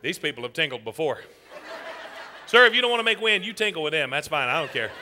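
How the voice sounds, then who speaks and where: A man hosting a comedy show, teasing audience members in a loud, folksy way. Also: on the high side, sing-song, fast, a faint crowd, slight background noise. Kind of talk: audience participation stand-up. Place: theater stage with live audience. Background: audience laughter.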